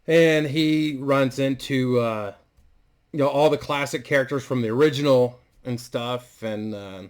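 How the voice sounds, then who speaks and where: A man's voice: medium pitch, a little slow, clear, resonant tone. A man casually and crudely rambling through a story idea, full of fillers and restarts. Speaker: vlogger.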